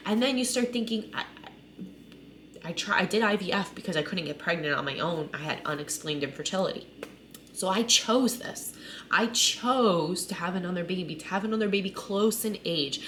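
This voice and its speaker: A woman's voice: on the low side, expressive, normal speed, a bit bright, slight background noise. A woman in her thirties talking candidly to camera, emotional and conversational, often saying "like" and "right?". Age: 30s. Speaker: mother sharing her story. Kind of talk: personal vlog monologue.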